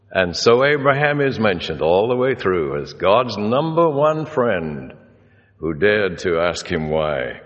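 A male preacher tells stories during a sermon, acting out the people he quotes. His voice is lowish and sing-song, moving at a slow pace. The recording is muffled, with the reverberation of a large hall.

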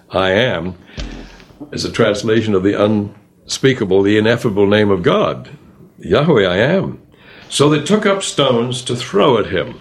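An older man teaching a Bible study in a conversational way, reading scripture aloud and commenting on it. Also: breathy edge. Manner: reads scripture aloud and comments, rising in pitch on questions.

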